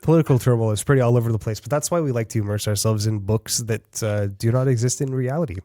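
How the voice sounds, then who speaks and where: A man's voice: mid-range voice, quick pace, warm tone, no room sound, studio quality. Chatty male podcast host. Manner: upbeat, chatty, laughs often. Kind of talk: casual interview hosting.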